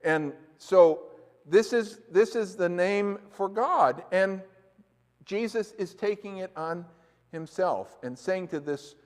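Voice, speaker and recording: This pastor's voice is high and his pace slow as he preaches in church, chatting conversationally and quizzing his listeners. Sound bounces around the echoey church hall.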